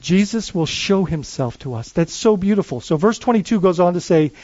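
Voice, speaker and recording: A man who is a lead pastor, preaching a sermon in a conversational, animated way, often restarting his phrases. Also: high voice, fairly quick, no room sound, highs cut off.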